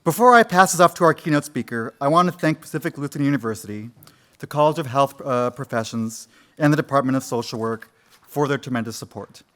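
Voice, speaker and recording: A man's voice: medium pitch, animated, quick pace, fairly bright tone. A man opening a university conference in a lecture room, formally thanking sponsors and introducing the keynote speaker. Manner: formal, reads out a list of thanks.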